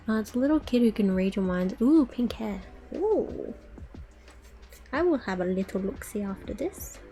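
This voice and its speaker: A woman's voice: medium pitch, dark tone. A woman streamer chatting casually to her viewers while she crafts, muttering to herself with playful baby-talk words.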